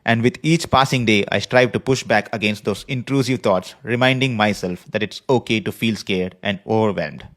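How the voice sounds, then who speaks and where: A man hosting a podcast, speaking in an earnest, measured personal monologue from a prepared script. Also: on the low side, fairly bright tone. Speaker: podcast host. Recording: podcast voice recording.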